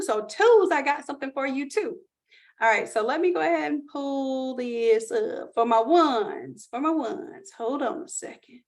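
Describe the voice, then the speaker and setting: A woman hosting a live online class, chatting and pitching course offers to her viewers in an upbeat, casual way. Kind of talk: live-stream sales pitch.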